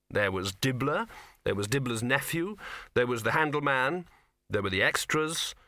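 A man's voice: bright, forceful tone, no room sound, studio quality. A man narrating a comic fantasy novel, lifting his voice for the characters' lines. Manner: reads all the characters in one voice, lifting pitch for dialogue. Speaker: audiobook narrator. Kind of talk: scripted narration.

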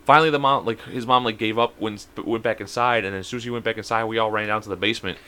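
A man telling a long, profane story in a casual podcast chat, rambling and animated. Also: lowish voice, quick pace, clean tone. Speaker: podcast co-host.

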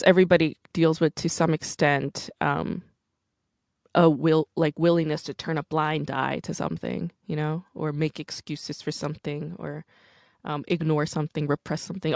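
A woman's voice: low voice, moderate pace, vocal fry, no echo, studio quality. A woman hosting a casual conversation, telling stories candidly and animatedly with lots of "like". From United States. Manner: candid, animated storytelling with frequent "like".

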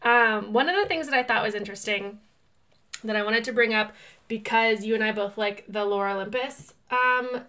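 A woman co-hosting a podcast in casual chat, telling stories in a rambling, animated way and often filling with "like.". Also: a little high, normal speed. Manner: chatty and rambling, heavy use of "like"; animated storyteller who laughs through her telling. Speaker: podcast co-host.

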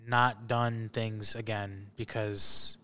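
A man's voice: on the low side, little pitch movement, takes it slowly, pushed and bright. A man who is a guest on a podcast, talking casually and thoughtfully with lots of "like" and "you know". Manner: thoughtful, hedging, many fillers. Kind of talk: casual chat.

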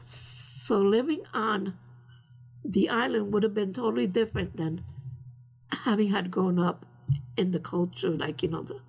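Older woman interviewee, husky and a bit gravelly, chatty and rambling, drops into Spanish. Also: medium pitch, measured pace, darkish tone. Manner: rambling, many fillers, slips into Spanish phrases. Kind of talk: casual storytelling.

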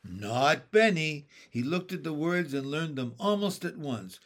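Male narrator, children's storybook, slow, careful. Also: fairly high pitch, very animated, a bit bright. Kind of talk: reading a children's book aloud.

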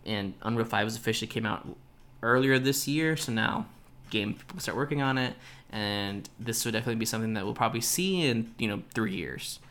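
A man's voice: lowish voice, pushed and bright, slight background noise. A man hosting a podcast alone, speculating in a casual, loose way. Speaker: podcast host. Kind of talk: solo podcast commentary.

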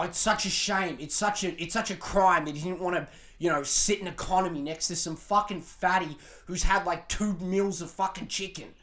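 A man's voice: high voice, fairly bright tone. A man with an Australian accent hosting a podcast, delivering a crude, sarcastic rant full of swearing. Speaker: podcast host. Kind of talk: profane ranting commentary.

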